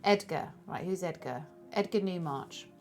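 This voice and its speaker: A woman's voice: fairly low pitch, moderate pace, vocal fry, soft background music. A woman streaming a detective board game, chatting casually, thinking aloud and thanking viewers as she plays. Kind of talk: casual chat while playing a board game.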